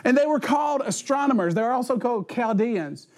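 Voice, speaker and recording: Telling funny stories in his sermon, a man who is a pastor animatedly acts out voices and sounds and laughs frequently. His voice is very high and brisk.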